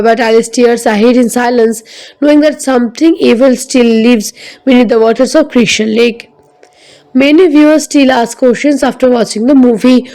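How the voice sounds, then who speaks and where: Higher-pitched woman narrating with a mellow tone. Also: low-quality recording. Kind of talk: scripted film recap narration.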